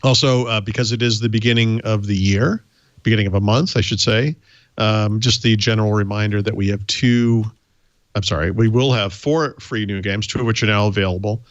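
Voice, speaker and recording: A man's voice: lowish voice, fairly even intonation, fairly quick, no echo, muffled recording. A man with a Boston accent, co-hosting a tech podcast in easygoing, wry casual chat with many ums. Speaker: podcast co-host.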